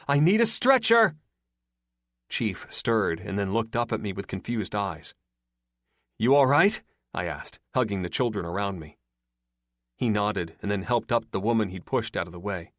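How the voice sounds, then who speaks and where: A man narrating an audiobook in the first person with steady, plain delivery. His voice sits on the lower side and is recorded close. The sound is dry. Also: no room sound.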